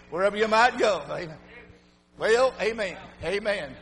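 An older man preaching an emphatic revival sermon, swinging from shouts to low muttering. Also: lively intonation, normal speed, big-room sound, rough recording.

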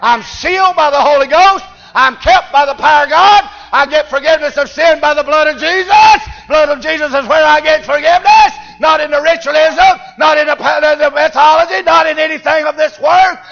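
A middle-aged man with a Southern accent preaching an old-time revival sermon, shouting in folksy drawled bursts. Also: extremely high pitch, a little fast, creaky, hardly any pauses. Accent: Southern US, Tennessee. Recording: dull lo-fi recording with faint music.

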